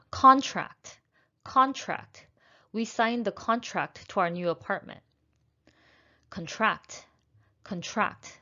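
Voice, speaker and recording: A woman teaching English pronunciation, speaking slowly and carefully and repeating each word twice so it can be heard. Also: lowish voice, fairly bright tone, lo-fi sound. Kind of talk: pronunciation lesson.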